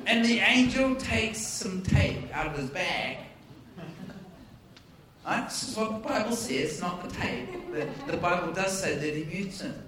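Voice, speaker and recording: Male preacher, jokey conversational sermon, animated pitch, big echoing hall, distant mic, audience noise. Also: a little slow. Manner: jokey, conversational, laughs at own stories. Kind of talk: humorous storytelling sermon.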